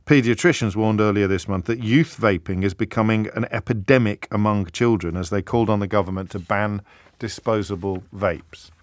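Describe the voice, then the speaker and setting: A British radio phone-in host, a middle-aged man, speaking in a wry, conversational way. His voice sits low and the studio sound is dry and close. He often stumbles and restarts his sentences. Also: moderate pace, no room sound. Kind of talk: talk radio monologue. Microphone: close studio mic.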